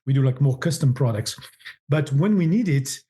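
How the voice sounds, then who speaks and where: Speaking at a normal speed with lively intonation, a middle-aged man with a French accent uses a mellow, mid-range voice. He is an agency founder being interviewed as a podcast guest, animated and prone to repeating words as he looks for phrasing.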